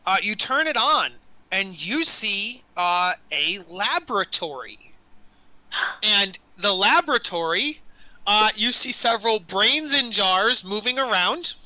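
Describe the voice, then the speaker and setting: Guy dm-ing a tabletop game, rambly with lots of ums, super bright high voice. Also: animated, takes it slowly, no echo, poor audio. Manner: rambling, self-correcting, with many fillers. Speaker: dungeon master.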